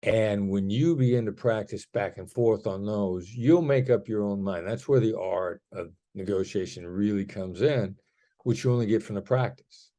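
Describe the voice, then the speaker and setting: Mellow-voiced man explaining negotiation. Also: fairly low pitch, moderate pace. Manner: demonstrative, acts out tone shifts in examples. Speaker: guest, negotiation expert. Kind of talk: conversational podcast interview.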